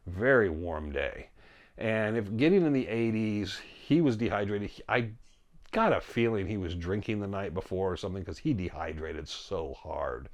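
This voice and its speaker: Low gravelly man telling a story. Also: normal speed. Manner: animated retelling, quotes himself and his friend, laughs often. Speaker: storyteller guest. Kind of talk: casual spoken storytelling.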